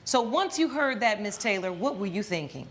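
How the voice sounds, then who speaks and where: Woman, court show judge, measured, authoritative, probing questions. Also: mid-range voice, lively intonation, slight background noise.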